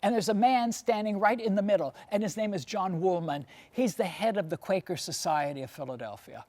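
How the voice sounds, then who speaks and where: A woman's voice: medium pitch, a little fast, darkish tone. A woman lecturer and tour guide telling history as a story, posing questions to her audience and often adding "you see".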